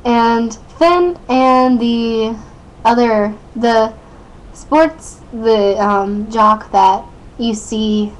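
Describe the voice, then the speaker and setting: A woman's voice: on the high side, extremely slow, poor audio. A teenage girl recapping a TV episode into her webcam, chatty and rambling, full of "like" and "um", giggling often. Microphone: built-in webcam mic.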